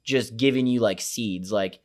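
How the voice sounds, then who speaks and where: A man's voice: fairly low pitch, measured pace, darkish tone. Slangy young man rambling about a movie. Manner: loose slangy rambling with profanity. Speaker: movie reviewer. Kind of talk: casual movie recap.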